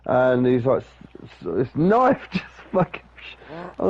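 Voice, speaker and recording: A man's voice: a little high, very animated, a little slow. A young man telling a rambling story in casual chat, swearing often. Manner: swears a lot, rambles with restarts. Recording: dull lo-fi sound.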